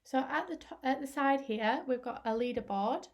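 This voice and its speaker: A young woman teacher talking through a screen-recorded tutorial in a chatty, explanatory way with fillers, her voice going hoarse. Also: high voice, moderate pace. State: losing her voice.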